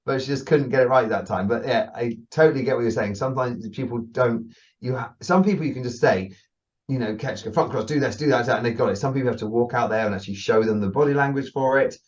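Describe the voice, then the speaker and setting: A man co-hosting a casual podcast as a dog agility trainer, telling animated stories, laughing and swearing. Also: medium pitch, quick pace, highs cut off.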